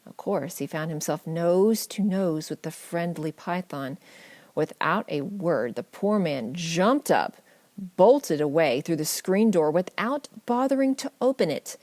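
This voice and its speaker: A woman narrating a family memoir audiobook in a measured, gently wry storytelling manner. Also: on the low side, dry recording.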